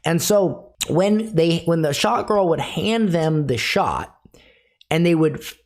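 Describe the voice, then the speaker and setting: A man's voice: fairly high pitch, animated, slow pace. A middle-aged man teaching a sales technique in a direct, instructive way, repeating key phrases for emphasis. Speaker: sales coach.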